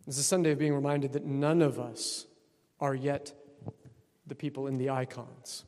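A man's voice: mid-range voice, little pitch movement, moderate pace, a little mellow. A man from Texas, preaching a sermon as a priest in a conversational way with wry asides. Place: church. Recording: long church reverb.

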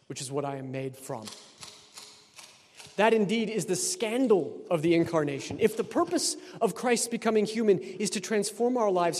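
Wry priest in echoing church. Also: male voice, on the high side, darkish tone. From Texas. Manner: conversational, wry asides. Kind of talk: sermon. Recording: long church reverb.

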